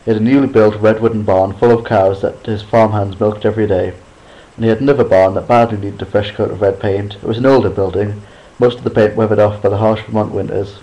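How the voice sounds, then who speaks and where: Man, lowish voice, amateur audiobook reading, steady, restarts after slips. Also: quick pace, muffled recording. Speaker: reader.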